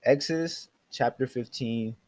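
A man's voice: medium pitch, measured pace, a little mellow, no echo. A man hosting a devotional podcast, earnestly exhorting his listeners and addressing them directly. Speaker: podcast host.

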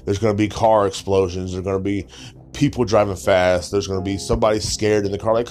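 A man's voice: on the low side, level tone, brisk, darkish tone, faint music behind. A young man hosting a podcast, ranting in a crude, sarcastic, mocking way and swearing constantly. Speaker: podcast host. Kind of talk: profane comedic rant.

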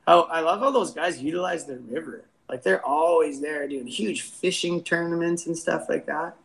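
A man's voice: a little high, normal speed, vocal fry, a bit bright, rough recording. A laid-back man, chatting casually as a brewery owner on a video call. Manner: laid-back, says "man" often, laughs easily. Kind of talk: casual interview chat.

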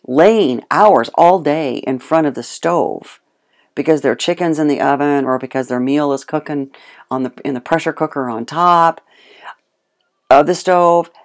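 A guest in casual chat who tells stories with animation, laughs often and acts out what other people said. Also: mid-range voice. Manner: animated storytelling, acts out quotes. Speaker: guest speaking on homemade dog food.

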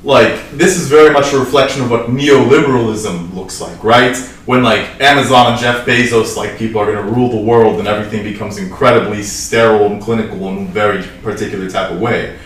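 A man's voice: lowish voice, brisk, hardly any pauses, fairly bright tone. A man giving his take on a film in casual talk, opinionated and full of "like" and "right?". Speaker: film podcast co-host. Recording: echoey room, far mic, faint hiss.

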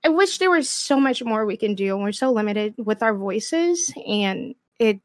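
A woman's voice: on the high side, lively intonation, normal speed, no room sound, studio quality. A woman streamer speaking frankly and with passion in a casual panel discussion. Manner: impassioned, frank and blunt.

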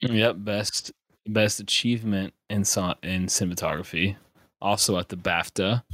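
A man co-hosting a casual movie podcast, relaxed and playful. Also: lowish voice, moderate pace, husky, no echo, studio quality. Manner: casual, playful, acts out quotes. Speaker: podcast co-host.

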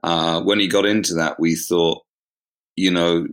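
Heard over a remote call, this middle-aged man has a deep, steady, slightly bright voice at normal speed and a southern English accent from southeast England. He's a pastor being interviewed casually, self-deprecating and given to laughter.

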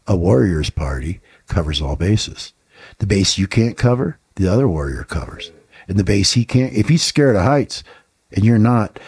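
A man's voice: fairly low pitch, dark tone, husky. A man co-hosting a podcast, talking bluntly and swearing often, firing off rhetorical questions in casual talk. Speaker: podcast co-host.

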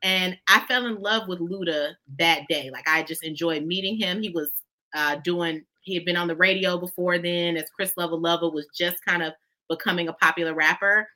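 Woman, lower voice, bright tone, expressive storyteller, folksy guest. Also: moderate pace. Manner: expressive, folksy, addresses listeners as "y'all". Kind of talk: conversational storytelling.

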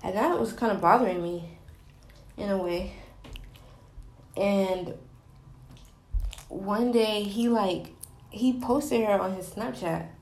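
Young woman, candid rambling storyteller, medium pitch, roomy echo. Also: slow pace, pauses often. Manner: candid, rambling, many fillers and restarts. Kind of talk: personal storytelling.

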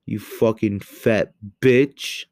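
A young man giving a heated, profane rant into a home microphone, swinging between loud outbursts and low muttering. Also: fairly even intonation, drawn-out words, dry recording. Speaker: commentary host. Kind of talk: angry ranting commentary.

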